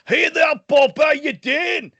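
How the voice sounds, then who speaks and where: A man putting on a boisterous young Scottish Highland lad with a Scottish accent, hearty and loud. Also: slow, gravelly, no room sound, heavily acted. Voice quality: loud, hearty, shouted greetings. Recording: dull dry video-call audio.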